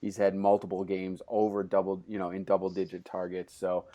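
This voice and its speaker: A man with a fairly low voice hosts a laid-back podcast conversation. He talks loosely and keeps stopping to restart his sentences, with lots of "uh" and "um" as he steers the chat. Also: brisk. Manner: relaxed, loose, with frequent fillers and restarts. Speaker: podcast host.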